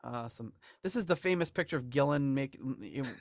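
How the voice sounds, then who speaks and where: A man talks through music memorabilia in a loose, rambling way, often restarting and laughing. His voice sits at a middle pitch, recorded dry and close. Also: animated, fairly quick, vocal fry, no room sound. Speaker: podcast co-host. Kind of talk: casual chat about album memorabilia.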